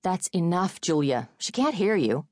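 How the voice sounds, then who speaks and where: A weary middle-aged mother, tight-lipped and strained, holding her temper in a low, dry voice, as a female narrator reads her. Close audiobook recording with no room sound. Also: big pitch swings, a little slow, a little mellow, dry recording.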